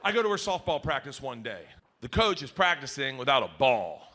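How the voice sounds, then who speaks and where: A man doing stand-up comedy, telling a lively story and voicing the people in it. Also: medium pitch, a little fast, very noisy. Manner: lively storytelling with voiced characters.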